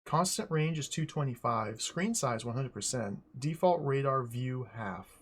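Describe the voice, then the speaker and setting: A man streaming a game live, talking through it aloud in an excitable, joking way. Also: medium pitch, measured pace, slight background noise. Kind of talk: casual live gameplay commentary.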